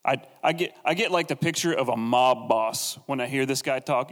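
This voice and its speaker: A man's voice: mid-range voice, moderate pace, long reverb tail. A man teaching a casual, conversational sermon on the Bible, with jokey asides and acted-out quotes.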